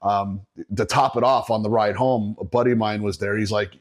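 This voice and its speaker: A man's voice: lowish voice, fairly even intonation, a little fast. A middle-aged man from Northeastern Pennsylvania, a podcast guest telling a profane story in casual chat, laughing often.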